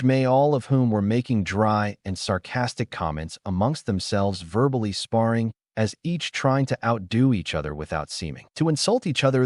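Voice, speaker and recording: A man reading a fan fiction story aloud in a steady, even storytelling manner. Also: on the low side, no echo, clean studio sound. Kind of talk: scripted story narration.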